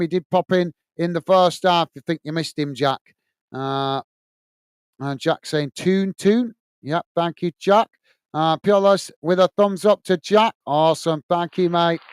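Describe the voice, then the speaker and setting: High, smooth-voiced English man host. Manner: friendly, repetitive sign-offs with many fillers. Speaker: host of a football watch-along stream. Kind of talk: casual live-stream chat reading out viewer comments.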